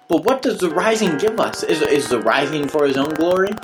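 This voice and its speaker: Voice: medium pitch, animated, fairly quick, few pauses, faint music behind, low-quality recording. A preacher giving an emphatic, repetitive sermon in a casual, slangy way.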